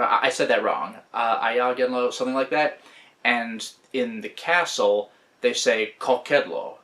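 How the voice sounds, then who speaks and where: A man hosting a let's play, talking casually and rambling about the game with quick restarts. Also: mid-range voice, a bit bright.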